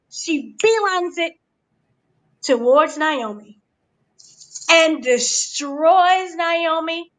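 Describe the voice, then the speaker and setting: A woman's voice: very high voice, bright, forceful tone, rough recording. A woman recapping a wrestling match in a playful, gossipy way, acting out the quotes with gasps and dramatic voices. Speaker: entertainment editor recapping wrestling. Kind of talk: animated recap chat.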